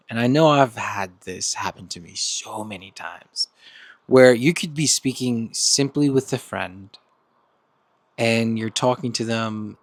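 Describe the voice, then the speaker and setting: A man talks through a self-help monologue in a relaxed, casual way. He laughs often and slips into slangy voices for quoted friends. His voice sits in a middle range, recorded dry and close with no room echo. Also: medium pitch, a little slow. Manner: laughs often between points. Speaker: podcast host.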